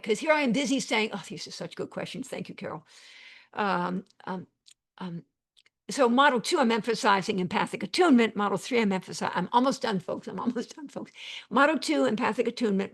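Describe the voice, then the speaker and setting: This is a woman running an online teaching session, speaking into a computer mic over a video call. Her voice has a gravelly fry and a husky edge. She wanders from point to point with many fillers, repeats key phrases, and stops often to thank participants by name. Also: mid-range voice. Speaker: psychiatrist and webinar teacher. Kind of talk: live online teaching, reading chat questions.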